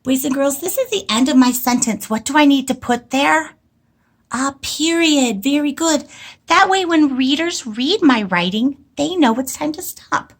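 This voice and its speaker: Slow, sing-song woman teacher. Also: high-pitched, expressive. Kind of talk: early-grade writing lesson.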